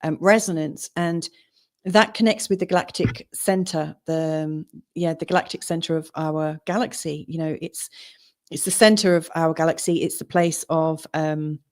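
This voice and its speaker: A woman co-hosting a casual live-stream show as an astrologer, talking in a relaxed way with many fillers, her voice a little strained. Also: deep voice, moderate pace. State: losing her voice. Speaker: co-host and astrologer.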